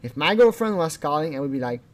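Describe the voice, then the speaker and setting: A man's voice: fairly high pitch, big pitch swings, fast talker. A man hosting a casual video commentary, rambling along with chuckles and restarts. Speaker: channel host.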